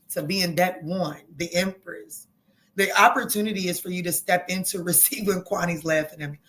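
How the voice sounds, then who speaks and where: Excitable woman giving a live tarot reading. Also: fairly low pitch, a little hiss or hum. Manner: excitable, swears freely, repeats phrases. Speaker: tarot reader hosting a live stream.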